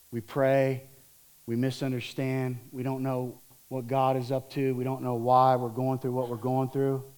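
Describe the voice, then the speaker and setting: Lively preaching pastor, a man. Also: medium pitch, clear, resonant tone. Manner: lively storytelling, acts out voices of disciples and Martha. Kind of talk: sermon.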